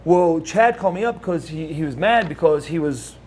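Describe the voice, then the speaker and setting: A man's voice: a little high, expressive, normal speed, darkish tone. A middle-aged man with a Southern US accent telling rambling anecdotes in a casual interview, restarting phrases and laughing now and then. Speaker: interview guest, former wrestler.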